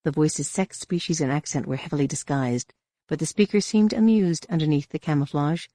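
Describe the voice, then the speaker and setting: Steady male audiobook narrator. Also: fairly high pitch, fairly quick, dry recording, clean studio sound. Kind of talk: scripted narration.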